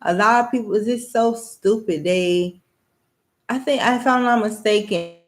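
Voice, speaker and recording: A woman's voice: mid-range voice, measured pace. A young adult woman giving a candid personal monologue to camera, blunt and rambling, with heavy swearing. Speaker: vlogger.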